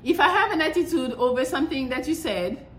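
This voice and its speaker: Young woman host, higher voice, blunt and swearing, echoey room with faint background hum. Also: lively intonation, brisk. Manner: blunt, profane, exasperated. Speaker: podcast host. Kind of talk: casual monologue.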